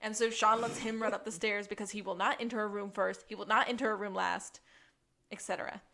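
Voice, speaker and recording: A woman co-hosting a podcast, casually recapping a TV episode and acting out lines in a high, excited voice. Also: a little fast, vocal fry. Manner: animated, acts out quoted lines in a high voice. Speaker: podcast co-host.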